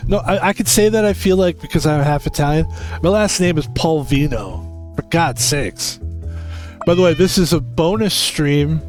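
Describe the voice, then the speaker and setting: A man streaming a game from the United States, rambling in a loose way and swearing freely. His voice sits a little high for a man. Faint game music plays behind him. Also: moderate pace. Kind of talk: casual stream chat while gaming.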